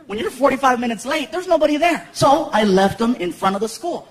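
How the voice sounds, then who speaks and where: A man in his thirties doing stand-up comedy, telling stories in an animated way and acting out voices. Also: very high-pitched, fairly quick. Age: 30s. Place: live comedy venue with audience. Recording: noisy live show recording.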